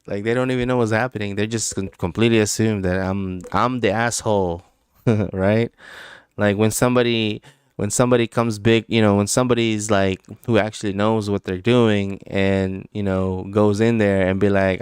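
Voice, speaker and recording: A man's voice: fairly low pitch, steady tone, normal speed, smooth, no echo, studio quality. A man hosting a casual live stream about crypto trading, rambling, laughing often and swearing freely. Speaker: crypto trading livestream host.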